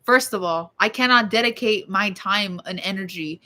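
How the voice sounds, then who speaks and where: A woman's voice: medium pitch, moderate pace, pushed and bright. A young woman vlogging at home, talking casually to her viewers in a rambling, blunt way and swearing freely. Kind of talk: casual rambling chat to camera.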